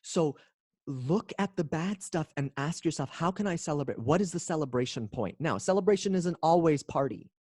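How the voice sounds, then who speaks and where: A man's voice: fairly high pitch, animated, moderate pace, darkish tone, slightly rough, dry recording, studio quality. A man, a coach and guest, talking in a casual interview with emphatic, punchy storytelling.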